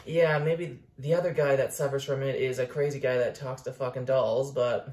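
A tired young Canadian man from Ontario rambles profanely through a casual vlog, lurching between outbursts and mumbling. His voice sits mid-range, steady and a little mellow, at a normal pace. The room he records in is echoey.

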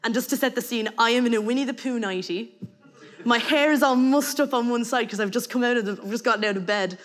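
An Irish woman telling a comic personal story to an audience, lively and acting out the voices of the people in it. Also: fairly high pitch, a little fast, long reverb tail. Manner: lively, acts out voices, breaks into laughter.

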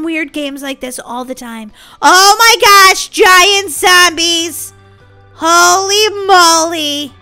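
A woman's voice: extremely high pitch, bright, forceful tone. A woman hosting a gaming channel, giving bubbly, giggly, silly let's-play commentary.

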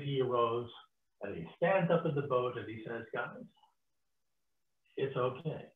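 A man teaching an online Bible study as a guest teacher, telling the story in a lively way and acting out the quotes. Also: a little high. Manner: animated storytelling with acted-out quotes. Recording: tinny phone-like audio in an echoey room.

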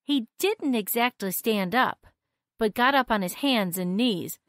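A woman's voice: a little high, measured pace, dry recording. Woman reading a children's story aloud. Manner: expressive read-aloud narration. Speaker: narrator.

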